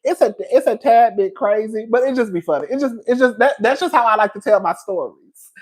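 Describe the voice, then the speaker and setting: A man's voice: high voice, expressive, brisk. A man hosting a casual gossip livestream, sassy and playfully dramatic, laughing often and calling everyone "girl" while he reads the chat. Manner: playfully dramatic, exaggerates for effect.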